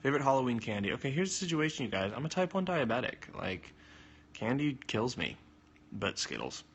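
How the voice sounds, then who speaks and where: A young man chatting casually on a phone livestream, answering viewer comments with jokes and sudden jumps in pitch. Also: sing-song, fairly quick, slight background noise.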